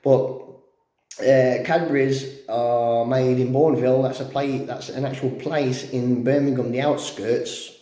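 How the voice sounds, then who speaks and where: A man's voice: mid-range voice, steady tone, a little slow, mellow, roomy sound. A man casually chatting and explaining cigar steps as he goes. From England. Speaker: cigar vlogger. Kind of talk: casual chat and demonstration. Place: indoors at home.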